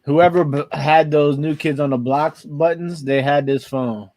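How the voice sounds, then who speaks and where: A man's voice: fairly high pitch, fairly even intonation, unhurried, darkish tone, dry recording. A man co-hosting a reseller podcast, talking in a laid-back, rambling way that often repeats words. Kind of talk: casual chat.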